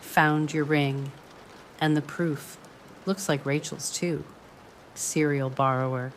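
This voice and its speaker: A woman's voice: deep voice, steady tone, takes it slowly, a little hiss or hum. A woman voicing a weary, guarded young woman who speaks in short, clipped lines. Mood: terse.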